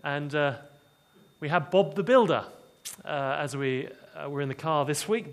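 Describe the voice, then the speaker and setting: A man preaching a sermon, expressive and dramatic, dropping low and quiet for emphasis. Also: measured pace.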